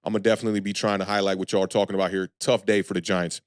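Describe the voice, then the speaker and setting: A man hosting a live sports talk stream, talking loosely and frankly to chat viewers and shouting them out. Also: low-pitched, flat delivery, very fast, clear, resonant tone, no echo, studio quality. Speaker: sports channel host.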